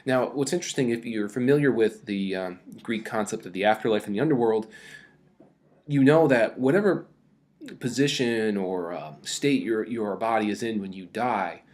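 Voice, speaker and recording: A man's voice: fairly low pitch, moderate pace, hardly any pauses, darkish tone. A man teaching a casual recorded mini-lecture, talking loosely with many fillers and reading quoted passages aloud with more energy.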